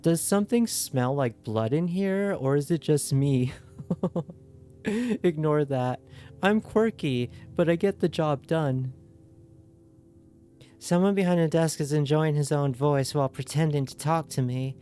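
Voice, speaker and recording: Over faint game music, a woman streams a video game, reading its text aloud in a loose, inconsistent put-on accent and joking playfully and gigglingly with viewers. Her voice is deep, warm, and smooth, and she takes her time.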